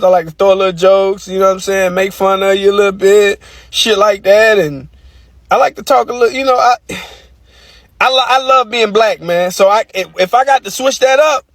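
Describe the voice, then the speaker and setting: A man's voice: high-pitched, a little fast, fairly bright tone, no room sound, far from the mic. A man ranting casually to camera, profane and emphatic, repeating his point.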